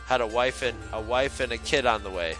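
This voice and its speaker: A man hosting a podcast who tells a profane, animated story in casual chat. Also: mid-range voice, fairly quick, soft background music, poor audio. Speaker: podcast host.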